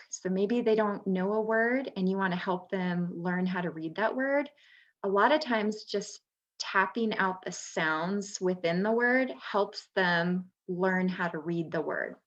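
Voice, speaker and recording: A woman's voice: medium pitch, a little slow, lo-fi sound. A woman, a former third grade teacher, explaining reading skills to parents in a patient presentation with frequent ums. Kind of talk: instructional webinar presentation.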